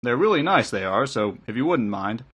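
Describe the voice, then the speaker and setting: A man reading the part of a jovial middle-aged innkeeper in an audiobook, chatty and hearty, a little raised in pitch. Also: very animated, moderate pace, a bit bright, slightly rough.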